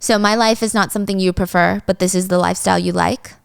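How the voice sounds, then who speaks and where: A woman voicing a defiant young woman, sharp and confrontational. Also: medium pitch, fairly even intonation, fast talker, gravelly, smooth, no echo, studio quality, close to an everyday voice. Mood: angry.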